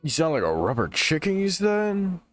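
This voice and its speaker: A man's voice: a little high, huge pitch swings, moderate pace, faint music behind. A young man streaming a game, chatting casually with a friend in slangy jokes, and getting tired. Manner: joking, slangy, tired toward the end. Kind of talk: casual gaming chat on stream.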